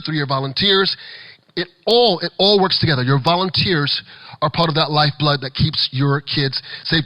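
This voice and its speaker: A man giving an energetic, animated talk to children's ministry leaders as a children's pastor, with playful asides. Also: on the high side, dry recording, rough recording. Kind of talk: conference workshop talk.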